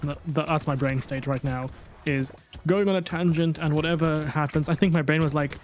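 Non-native English male gaming commentator, tired and excitable, rambling; slightly high voice over faint game music. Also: fast. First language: not English. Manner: excitable, rambling, self-mocking, jumps to high squeaks when panicking. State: tired late at night. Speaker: gaming YouTuber. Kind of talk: casual gameplay commentary.

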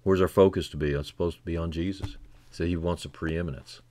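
Fervent low-voiced male preacher. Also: fairly even intonation, a little fast. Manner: fervent, builds from low and quiet to loud and high; repeats key phrases for emphasis. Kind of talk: sermon.

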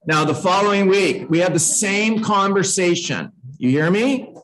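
A man's voice: high-pitched, animated, measured pace, few pauses, a bit bright, a little hiss or hum, low-quality recording. Emphatic man coaching real estate agents. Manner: emphatic, repeats lines, acts out calls. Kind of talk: live training talk.

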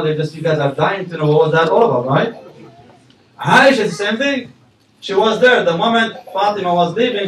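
Animated man preaching in an echoey hall. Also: on the high side, slight background noise. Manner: animated storyteller, asks audience questions, swings loud and soft. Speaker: imam giving a lecture. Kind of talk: sermon to a community audience. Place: mosque hall. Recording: echoey hall, mic at a distance.

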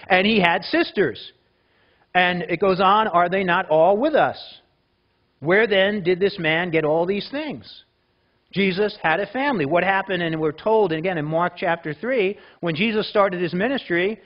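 A pastor gives a sermon to his church congregation in a voice that sits high for a man. His style is loose and conversational, with restarted phrases and questions put to the listeners, and the recording sounds dull and lo-fi.

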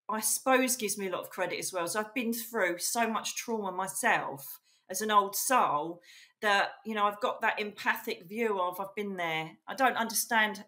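A middle-aged woman from England recounting her story in an interview. She speaks in a chatty, emphatic way, piling on asides and "literally". Her voice is bright and forward, at a middling pitch. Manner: chatty, emphatic, fond of saying "literally" and "you know". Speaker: psychic medium, guest.

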